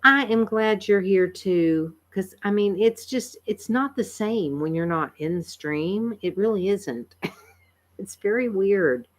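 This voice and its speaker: A woman, chatting casually with viewers on a livestream, tired and a bit croaky, laughing often and rambling with fillers. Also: mid-range voice, lively intonation, takes it slowly. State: tired, frog in her throat. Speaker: livestream host. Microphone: computer microphone.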